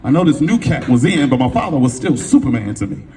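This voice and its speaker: Fast and medium-pitched, a middle-aged Californian motivational speaker relates a personal story to a live crowd at an event venue, slangy and animated, voicing the people in it. The recording is from a distant mic with faint room noise.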